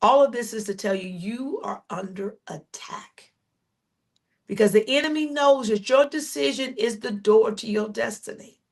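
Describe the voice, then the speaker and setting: A woman preaching with fervor, her voice sitting a little high as she calls out questions to her listeners. She builds her points through repeated refrains, rushing through stories and then stretching key lines out slowly. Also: creaky. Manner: shifts between quick storytelling and slow, drawn-out declarations. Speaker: preacher and podcast host. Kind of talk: sermon.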